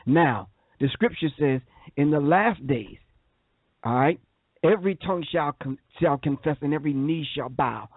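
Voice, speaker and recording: A husky New man co-hosting a talk radio show, pressing his points like a preacher and hammering the same phrases again and again. His voice comes through a tinny phone line with a dry, close sound. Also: fairly high pitch, expressive, normal speed, dry recording. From New York. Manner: preachy, emphatic, repeats key phrases.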